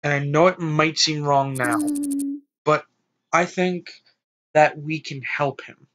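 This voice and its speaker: A man's voice: a little high, animated, slow, poor audio. A man hosting a let's play, reading the narration of a visual novel and breaking off to joke and decide what to do. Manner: reads narration softly, jokes loudly in asides. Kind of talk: narrating and commenting on a game. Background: faint game music.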